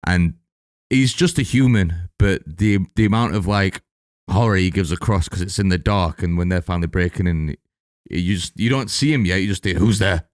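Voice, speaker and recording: A very low, smooth-voiced man talks casually about a film. He tells it in lively detail and swears freely. The sound is dry and close. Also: moderate pace, no echo. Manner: animated storytelling, swears often. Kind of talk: casual chat.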